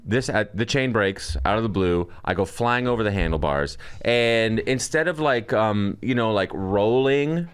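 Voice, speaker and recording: Smooth low-voiced man rambling. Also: animated, measured pace, hardly any pauses. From Canada. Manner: rambling storyteller, chuckling, many restarts. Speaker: comedian guest. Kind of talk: casual podcast chat.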